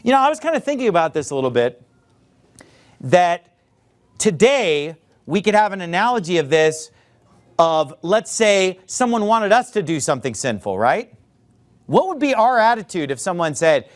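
A pastor with a high-pitched voice and big swings in pitch preaches a sermon at a moderate pace. He speaks emphatically, drawing out key words and addressing his listeners directly as "folks."

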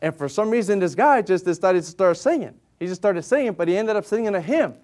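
Delivering a sermon in a distinctly high voice, this lay preacher talks to his congregation like friends yet stresses the important words emphatically. His Bible readings settle into a slow, measured King James rhythm.

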